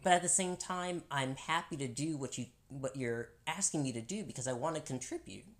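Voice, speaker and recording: A woman's voice: very deep voice, a little fast. A woman talking candidly in a casual couple's chat, laughing often and restarting her sentences.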